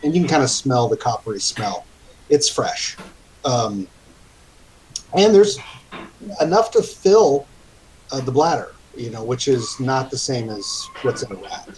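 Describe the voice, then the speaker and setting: A man's voice: medium pitch, big pitch swings, a little mellow, a little hiss or hum, poor audio. A man runs a tabletop game in a mid-range voice, narrating the scene at a casual pace. He often halts with fillers and restarts his sentences. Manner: halting, with many fillers and restarts. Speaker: game master.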